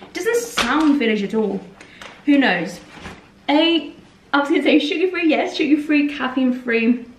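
A fairly high-voiced young woman from Norway chats through her day in a rambling, giggly way, speaking English that is not her first language. Her voice bounces around an echoey room, picked up by a small camera that sits a little way off. It sounds like a relaxed home vlog. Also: normal speed, far from the mic, noisy background. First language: Norwegian. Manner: chatty, rambling, giggly asides. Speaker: vlogger. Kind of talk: casual vlog chat. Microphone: compact camera held or set nearby.

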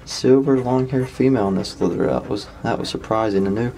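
A dog breeder gives a casual home video update in a folksy, easygoing manner, talking to his dogs between remarks as dogs and household noise sound in the background. His medium-pitched voice is warm and fairly quick, with vocal fry.

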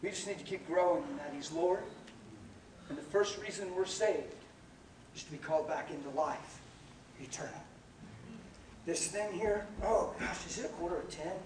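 A man preaching a sermon and telling stories, animated, laughing, and shouting at the peaks. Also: a little high, normal speed, pauses often, noisy background. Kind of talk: sermon with storytelling. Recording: echoey hall from far off with crowd.

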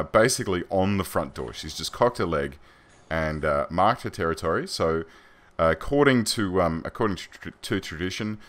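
A man's voice: low-pitched, a bit bright. An Australian man giving chatty, rambling gameplay commentary as a let's play host, self-deprecating and loose.

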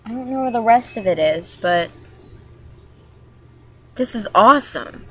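A woman's voice: a little high, animated, a little slow, sharp tone, husky. A woman from Maryland chatting casually in a vlog, talking in a hyper, rambling way that jumps from topic to topic. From Maryland, USA. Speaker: vlogger.

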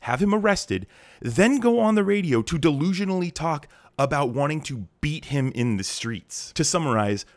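A man's voice: mid-range voice, dry recording. A man hosting a political commentary show, narrating a script in a sarcastic, mocking tone.

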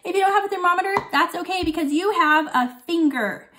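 A woman's voice: very high-pitched, brisk, bright, forceful tone. A woman playing a forgetful old lady teacher. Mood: chatty. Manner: chatty, chewing candy while talking. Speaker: guest teacher for a kindergarten class. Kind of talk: playful video lesson for young children.

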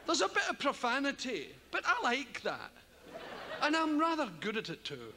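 A Scottish man with a very high voice tells loose, profane stories on a theater stage. His speech leaps up and down in pitch as he rambles. The long hall reverb and a loud, noisy audience surround him. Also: normal speed, a loud crowd. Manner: rambling, profane, animated storytelling. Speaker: stand-up comedian. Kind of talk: live stand-up comedy.

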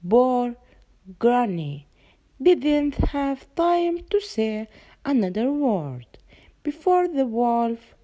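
A young woman student reading a children's story aloud, halting and restarting words often. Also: fairly high pitch, big pitch swings, mellow. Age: young adult.

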